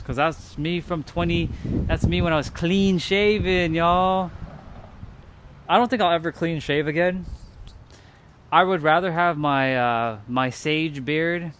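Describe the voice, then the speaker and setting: A man's voice: a little high, fairly bright tone, a little hiss or hum. A young adult man chatting casually about his photos, loose and emphatic, repeating himself and swearing. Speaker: vlogger. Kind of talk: casual chat over photos.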